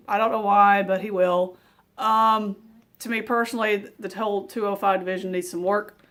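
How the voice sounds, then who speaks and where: Rambling woman with a higher voice. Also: a bit bright. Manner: rambling, many ums and filler phrases. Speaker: wrestling vlogger. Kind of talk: casual predictions vlog.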